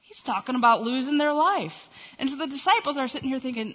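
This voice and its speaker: Woman Bible teacher, bright-ish voice, chatty animated delivery, recorded in a reverberant hall. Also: high voice, quick pace, lo-fi sound. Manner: conversational, animated retelling with quoted voices.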